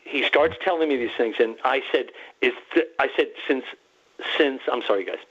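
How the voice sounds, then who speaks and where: Excited rambling man on a phone line. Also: mid-range voice, moderate pace. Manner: rambling, animated, restarts and quotes himself and others. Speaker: guest researcher. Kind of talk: excited storytelling on a radio talk show. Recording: muffled phone-line call-in.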